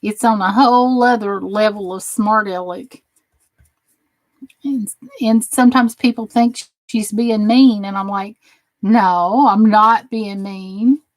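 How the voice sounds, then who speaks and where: A woman's voice: mid-range voice, steady tone, a little slow, a little mellow, no room sound. A woman with a Southern US accent hosting a crafting channel, chatting casually with viewers, sarcastic and teasing at times and earnestly encouraging at others.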